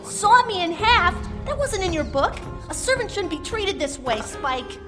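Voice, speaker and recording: A woman's voice: very high-pitched, very animated, unhurried, over music, heavily acted. A woman voicing an exasperated cartoon girl stuck as a reluctant servant, complaining and wisecracking.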